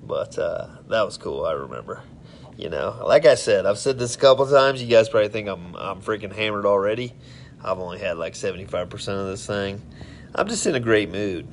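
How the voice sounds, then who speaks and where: Rambling live-stream host, male, lowish voice, faint hiss under it. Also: animated, brisk, gravelly. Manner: rambling, friendly, tipsy storytelling. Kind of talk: casual live-stream chat with viewers.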